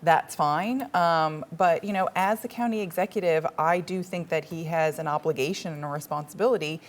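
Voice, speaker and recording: Woman pundit on a politics panel, kinda low voice, firm, lots of rhetorical questions. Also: moderate pace. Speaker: political commentator.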